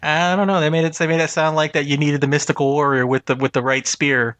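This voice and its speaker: A man's voice: a little high, flat delivery, fast talker, fairly bright tone, dry recording. A man with a slightly raised voice talks movies on a podcast, often laughing and tripping over restarts as he builds his points. The sound is dry and close to the mic. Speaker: podcast co-host. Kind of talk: casual movie review chat.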